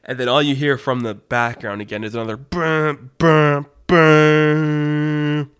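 A man's voice: medium pitch, a little fast, a bit bright. A man hosting a podcast, telling an improvised story casually, rambling and restarting as he goes. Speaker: podcast host.

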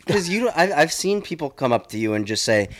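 A man from the United States co-hosting a casual podcast, asking relaxed questions. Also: on the high side, a little fast. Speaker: podcast co-host. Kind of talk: casual chat, interviewing.

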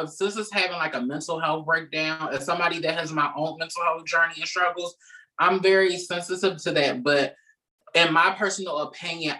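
A man co-hosting a podcast, giving opinionated commentary in a measured, emphatic way and repeating points for stress. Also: a little high, sharp tone, distant mic, poor audio. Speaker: podcast co-host.

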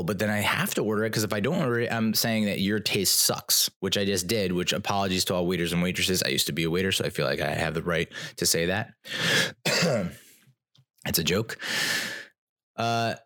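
A man's voice: fairly low pitch, brisk. Man rambling through a casual story. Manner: rambling, animated, self-mocking, with many restarts. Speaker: podcast host.

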